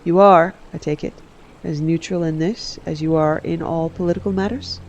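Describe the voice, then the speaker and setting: A man's voice: on the high side, fairly even intonation, moderate pace, highs cut off, slight background noise, close to an everyday voice. A man reading aloud and voicing an ambitious, scheming queen mother in a cool, cutting manner. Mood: cold, scheming.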